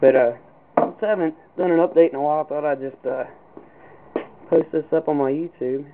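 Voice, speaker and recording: A man's voice: on the high side, a little fast. A young man from Kentucky, speaking, giving a casual, rambling walkthrough of his car project outdoors in the cold, with many fillers and restarts. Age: young adult. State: out of breath. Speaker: car hobbyist. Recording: tinny lo-fi camera audio with hiss.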